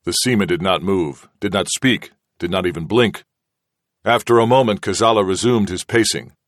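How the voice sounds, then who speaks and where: A deep-voiced man narrates an audiobook, reading a script in a steady, measured way. The studio-quality recording has no room sound.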